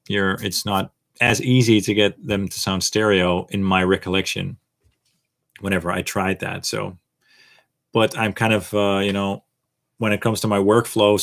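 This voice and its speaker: Brief: laid-back male streamer with a lowish voice, reading out chat questions and rambling through his answers. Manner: relaxed, rambling, reads viewer questions aloud. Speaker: host of a live Q&A stream. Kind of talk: casual livestream Q&A.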